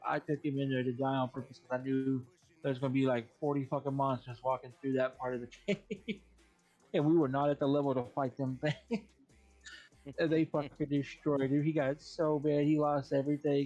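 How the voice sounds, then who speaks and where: A man's voice: mid-range voice, steady tone, normal speed, darkish tone. A man on a stream casually telling gaming stories, cursing a lot and laughing often. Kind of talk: casual gaming story chat. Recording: dull lo-fi stream audio with faint music.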